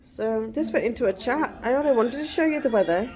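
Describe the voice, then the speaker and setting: A woman's voice: a little high, lively intonation, brisk, a little mellow. A middle-aged woman vlogging in casual chat, rambling and digressive.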